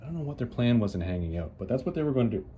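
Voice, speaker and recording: A man's voice: mid-range voice, very animated, racing, lo-fi sound, a little hiss or hum. A man casually retelling a story as a host, chatty and loose, with lots of "uh"s and restarts. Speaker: comics reviewer, host.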